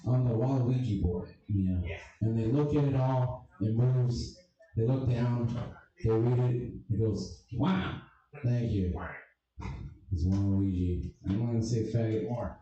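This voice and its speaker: A man's voice: mid-range voice, unhurried, warm tone, muffled recording. A man doing a stand-up comedy set with crude, abrasive and self-deprecating jokes. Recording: echoey room, distant mic, crowd audible.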